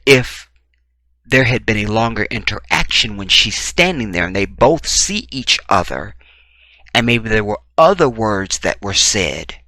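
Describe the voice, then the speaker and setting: A man giving opinionated true-crime commentary, talking in an emphatic, animated way with blunt, profane remarks. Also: fairly low pitch, no room sound. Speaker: commentary vlogger.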